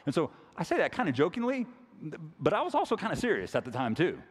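A man's voice: fairly high pitch, huge pitch swings, quick pace, husky, big-room sound. A man preaching a sermon in a casual, conversational way, often repeating words as he goes. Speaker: pastor.

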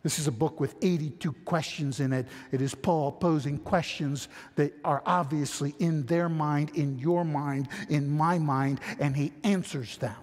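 A man with a high voice delivers an expository sermon at an unhurried pace, teaching earnestly and conversationally. He reads scripture aloud and throws out rhetorical questions to the congregation. His voice carries the long reverb of a large church hall. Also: steady tone, a little mellow. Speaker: pastor.

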